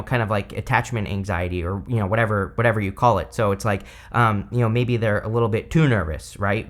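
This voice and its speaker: A man giving a casual tarot reading, chatty and rambling with many fillers, who has the hiccups. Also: lowish voice. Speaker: tarot reader.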